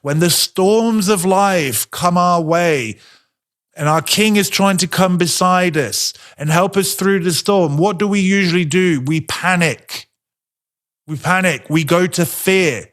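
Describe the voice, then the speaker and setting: A man teaching a sermon in a conversational way, asking rhetorical questions and slowing down to stress his points. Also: sits high, fairly bright tone.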